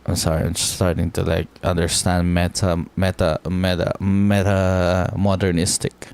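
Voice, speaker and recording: A man's voice: low voice, monotone, moderate pace, a little mellow, clean tone. A man streaming live, chatting casually and thinking aloud, swearing freely and filling his talk with "like".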